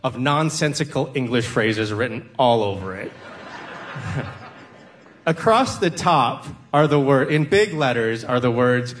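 A man from the American Midwest tells a personal story on stage at an unhurried pace. His voice sits at a middle pitch, and he sounds earnest and reflective, with flashes of dry humor. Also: animated, a bit bright.

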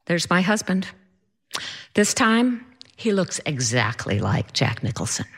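Slow, wry woman storyteller. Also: lowish voice, big pitch swings, breathy edge. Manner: wry, self-deprecating, dramatic. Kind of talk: personal story told to an audience.

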